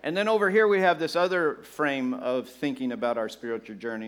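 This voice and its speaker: A male preacher delivering a sermon in a mid-pitched voice. He talks easily with his congregation and jumps into animated impressions of churchgoers. His delivery swings between playful banter and quieter, earnest stretches. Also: fairly quick, few pauses. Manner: conversational with the congregation, laughs along. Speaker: pastor.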